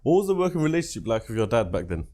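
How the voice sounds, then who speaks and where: A man hosting a podcast who asks guests casual questions and adds quick agreement. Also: mid-range voice, big pitch swings, darkish tone. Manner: quick, affirming with many yeahs. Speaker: podcast host. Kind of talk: casual interview.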